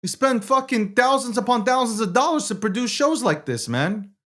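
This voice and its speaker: A man's voice: extremely high pitch, expressive, normal speed, fairly bright tone. A man hosting and producing a live show, talking in a heated, repetitive way with heavy swearing.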